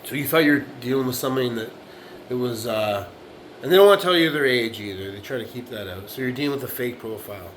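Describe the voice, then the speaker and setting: A man's voice: medium pitch, quick pace, fairly bright tone, a little hiss or hum, poor audio. A man in his late forties giving a blunt, profane monologue, repeating himself and often asking "right?". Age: 40s. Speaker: vlogger. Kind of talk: casual monologue to camera.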